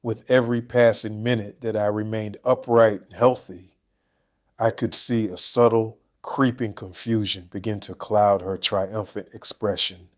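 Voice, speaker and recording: Measured older male storyteller. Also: fairly low pitch. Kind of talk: scripted first-person narration.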